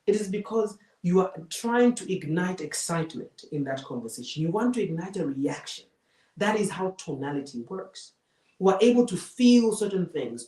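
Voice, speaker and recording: Warm and mid-range, this voice belongs to a public speaking coach leading a live masterclass lecture. The delivery is emphatic, returning to key phrases again and again for impact, and the distant mic picks up plenty of room echo.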